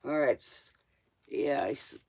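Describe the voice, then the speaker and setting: A man's voice: medium pitch, expressive, takes it slowly, a little mellow, a little hiss or hum. A man doing a live-stream tarot reading, casual and joking, talking straight to the viewer in loose, slangy speech. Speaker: tarot reader.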